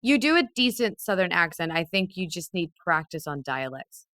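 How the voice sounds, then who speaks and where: A woman's voice: fairly low pitch, big pitch swings, moderate pace, a bit bright, no room sound. A woman co-hosting a podcast in casual chat, candid, swearing freely and laughing often. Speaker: podcast co-host.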